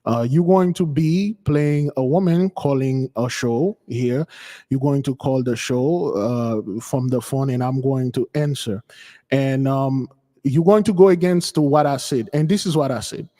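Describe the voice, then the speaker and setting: A man's voice: mid-range voice, a little slow, warm tone, big-room sound. A man hosting a spiritual channel, chatting casually with listeners he calls beloved, often repeating and restarting his words. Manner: repetitive, stammering, addresses listeners as beloved. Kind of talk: casual live commentary.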